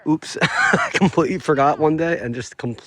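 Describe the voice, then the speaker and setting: This family vlogger has a fairly high, fairly bright voice and speaks at a moderate pace. Recorded outdoors in his snowy yard, he chats casually and upbeat to the camera, laughing frequently.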